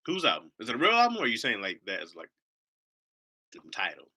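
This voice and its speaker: A man from Ohio hosts a casual live stream, rambling from one thought to the next with jokes and loose swearing. His voice is very bright and forceful, and his pitch swings in a lively way. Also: fast. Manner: rambling, joking, swears freely.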